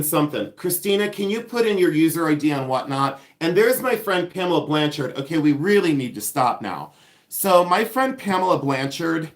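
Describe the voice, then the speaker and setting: Sassy chatty man hosting a livestream. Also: on the high side. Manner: sassy, chatty, self-mocking humor. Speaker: live-stream jewelry reseller host. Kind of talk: casual livestream chat.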